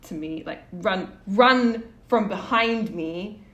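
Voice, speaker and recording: A woman's voice: mid-range voice, slow pace, fairly bright tone, muffled recording. A woman co-hosting a podcast, telling a personal story in a rambling, casual way with lots of restarts and fillers. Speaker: podcast co-host.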